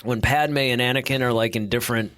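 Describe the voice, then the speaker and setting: A man's voice: mid-range voice, fairly even intonation, fast talker, fairly bright tone, no room sound, clean studio sound. A man co-hosting a podcast, chatting casually about movies and acting out lines he quotes. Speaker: podcast co-host. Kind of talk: casual chat.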